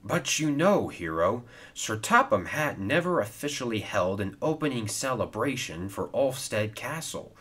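A man voicing a thoughtful, agreeable male steam engine in a storybook reading, measured and suggesting. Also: mid-range voice, big pitch swings, fairly bright tone, husky, full character voice.

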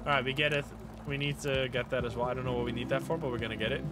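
A man streaming a video game live, commenting casually, swearing and getting excited, with game music playing behind. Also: quick pace. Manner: excitable, swears, jumps high when excited.

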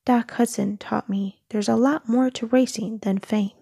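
A woman's voice: fairly high pitch, steady tone, measured pace, creaky, dark tone, husky, dry recording, clean studio sound, exaggerated voice. A woman voicing Lightning McQueen, earnest race car. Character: confident young male race car. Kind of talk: storybook read-aloud.

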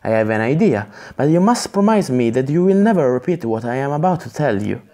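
A man reading the lines of a spirited young female adventurer in a gamebook, in a plain, slightly halting way. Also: medium pitch, sing-song, dark tone. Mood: eager.

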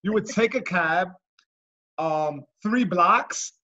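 Male comic host, high and husky, brash teasing storyteller, lo-fi video-call sound. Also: animated, takes it slowly, sharp tone. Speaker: podcast host and comedian. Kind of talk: casual chat.

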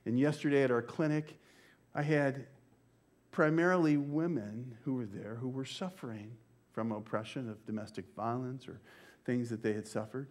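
An older man and pastor, preaching a sermon with slow, emphatic phrasing that sometimes drops to a near-whisper. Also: medium pitch, a little mellow. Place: church.

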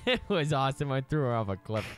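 A man's voice: mid-range voice, very animated, fast. A man hosting a let's play, joking around and laughing a lot in casual gameplay commentary. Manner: goofy, laughs often, jokey.

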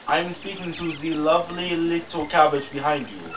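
A man's voice: a little high, echoey room, pitched above the performer's own voice. A man voicing a smarmy, flirtatious male suitor in a put-on French accent, oily and theatrical, with game music behind and the mic a little distant. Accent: fake French.

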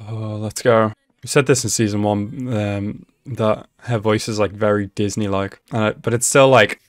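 A man hosting an anime reaction video, talking casually and excitedly at the screen, laughing often. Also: on the low side, no echo, clean studio sound. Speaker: anime reaction channel host.

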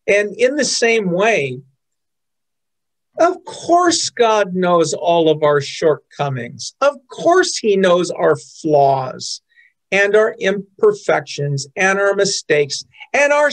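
A man in his fifties giving an earnest, storytelling sermon as pastor. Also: high-pitched. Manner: earnest, storytelling, quotes others in changed voices.

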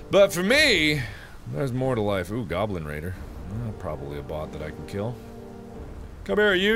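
A man streaming a game live, joking and yelling at enemies, then dropping to low mutters. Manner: excitable, jokey, yells at enemies then mutters.

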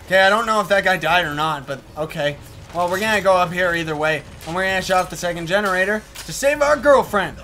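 A man's voice: sits high, animated, quick pace, sharp tone, a little hiss or hum. A man giving joking, goofy commentary while playing a video game. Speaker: let's play host.

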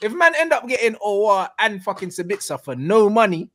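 Animated young man, high voice. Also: normal speed. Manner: slangy, laughing, animated. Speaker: football fan co-host. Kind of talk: casual football banter.

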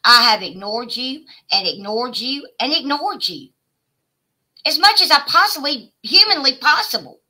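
Sharp-voiced woman ranting profanely. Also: sits high, lively intonation, measured pace, poor audio. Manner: profane, taunting, swings between shouting and muttering. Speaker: live streamer. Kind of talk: confrontational livestream rant.

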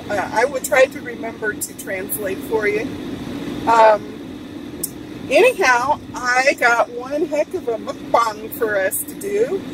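Sitting far from the mic in her car, a Hawaiian woman with a Pidgin-tinged accent chats casually and drifts from story to story for her vlog. Her voice has a fairly high pitch, with car air conditioning and passing traffic in the background.

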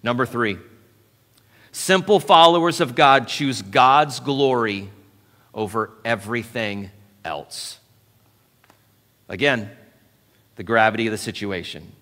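Animated pastor in a reverberant church. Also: male voice, mid-range voice, takes it slowly, long pauses. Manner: animated, acts out the story with dramatic shifts in loudness. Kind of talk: sermon. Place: church sanctuary. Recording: church hall with long reverb.

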